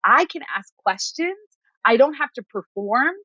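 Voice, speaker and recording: A woman hosting a podcast coaching session, speaking calmly and reflectively and often checking in with "right?". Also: high voice, measured pace, no echo, highs cut off. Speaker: host and coach.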